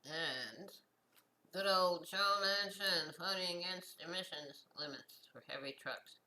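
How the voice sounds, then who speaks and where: A woman hosting her own show, reading news headlines and adding short comments, slow and halting with many fillers and restarts. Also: on the low side, pushed and bright, low-quality recording. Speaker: host.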